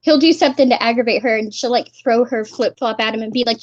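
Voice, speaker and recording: A woman's voice: a little high, quick pace. A woman co-hosting a casual chat, giggly and chatty. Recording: dull lo-fi audio.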